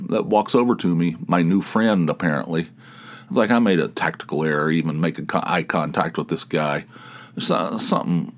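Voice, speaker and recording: Guy with a lowish voice rambling thru a story on his podcast, lots of ups and downs, laughs at himself. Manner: rambling, animated, laughs at his own stories. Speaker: podcast host. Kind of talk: casual solo storytelling.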